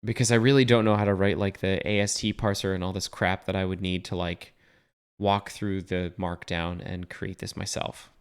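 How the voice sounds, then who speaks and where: A young man with a fairly low voice walks through a coding tutorial as he shares his screen. He talks casually and thinks aloud, with plenty of fillers and self-corrections along the way. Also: flat delivery, normal speed, clear, resonant tone. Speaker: web developer teaching a coding tutorial.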